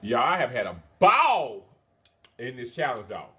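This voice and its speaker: A man's voice: medium pitch, big pitch swings, a little slow, bright, forceful tone, a little hiss or hum. A man hosting a mukbang vlog, chatting casually to viewers while eating, calling them y'all and honey, with frequent mm sounds between bites. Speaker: mukbang vlogger.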